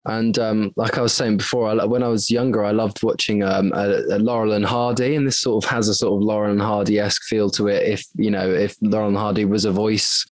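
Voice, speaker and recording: A man's voice: on the low side, little pitch movement, brisk, hardly any pauses, no room sound. A man who works as a voice actor, speaking hesitantly in a casual interview. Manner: hesitant, full of ums and restarts.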